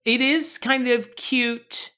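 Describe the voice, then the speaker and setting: A woman's voice: fairly high pitch, fairly even intonation, takes it slowly, sharp tone. A woman co-hosting a comedy podcast, chatting casually and rambling through jokes with frequent laughs. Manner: jokey, rambling, laughs often. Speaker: podcast co-host. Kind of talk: casual chat.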